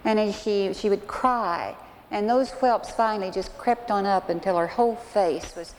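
A woman's voice: medium pitch, normal speed. A woman, a Christian counselor, tells a counseling story in an earnest sermon style with direct asides to her listeners. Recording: long hall reverb, faint noise.

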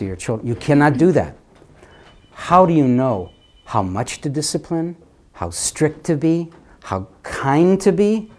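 A man preaching a sermon, animated, swinging between loud emphasis and hushed asides, often repeating words. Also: mid-range voice.

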